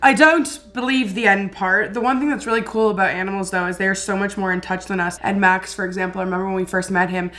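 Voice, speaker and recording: A woman's voice: medium pitch, fairly even intonation, fast talker, hardly any pauses, fairly bright tone. A woman hosting a casual video reaction, chatty and easily spooked, talking about pets and ghosts.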